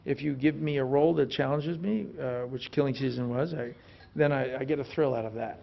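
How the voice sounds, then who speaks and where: A man, talking as a guest in an onstage conversation, relaxed and rambling with many restarts. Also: mid-range voice, fairly quick, creaky, lo-fi sound. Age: late 50s. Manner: relaxed storytelling, frequent restarts and "you know". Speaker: film actor as interview guest. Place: film institute stage before an audience.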